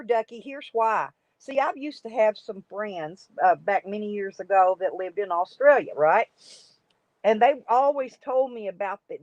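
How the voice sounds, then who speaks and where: A chatty American woman with a slightly high voice hosts a livestream, rambling along, reading comments, and greeting viewers by name. The recording is dry, dull, and lo-fi.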